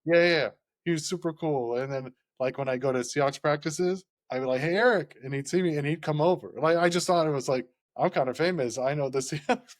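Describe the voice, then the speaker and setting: A man's voice: a little high, fairly quick. A man chatting casually on a podcast, rambling and often laughing, with lots of "like" in his speech. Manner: rambling and laughing, heavy use of "like".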